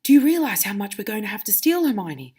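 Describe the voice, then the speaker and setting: A worried teenage boy wizard from a storybook, read by a woman. His questions rise higher and pile up anxiously. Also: big pitch swings, fast, darkish tone, slightly rough.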